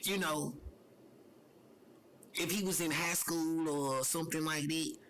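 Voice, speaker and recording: A young man with a fairly high voice speaks in a loose, unscripted monologue. He keeps looping back to the same phrases and leans on "you know" as he goes. A faint background hiss sits under his voice. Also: steady tone, takes it slowly, a bit bright, rough recording. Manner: rambling and repetitive, circling back to the same phrases; earnest, heavy use of "you know". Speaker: personal vlogger.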